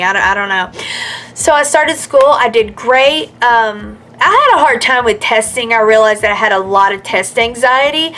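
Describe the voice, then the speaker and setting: A woman's voice: on the high side, a bit bright. A woman in her mid-thirties telling her own story in a chatty, earnest way, with many fillers and restarts. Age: 30s. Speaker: vlogger. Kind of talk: casual personal storytelling.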